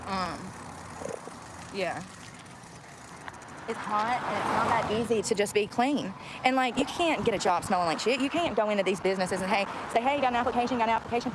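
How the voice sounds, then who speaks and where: With lively intonation, a medium pitch, normal speed, and frequent pauses, she vents to the camera in a crude, blunt tirade. Traffic noise from the nearby road is clearly captured in this outdoor vlog.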